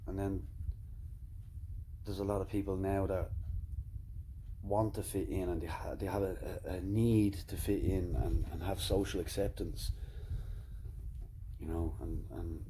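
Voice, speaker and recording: A man's voice: sits low, steady tone, measured pace, pauses often, warm tone, a little hiss or hum. A man giving a fireside monologue with emphatic, repetitive phrasing and occasional swearing. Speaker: commentator.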